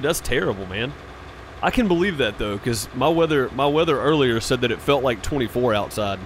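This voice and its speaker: Slight background noise sits under the mid-range voice of a man casually streaming a farming game. He rambles with viewers in a laid-back way, dropping "uh" and "man" often.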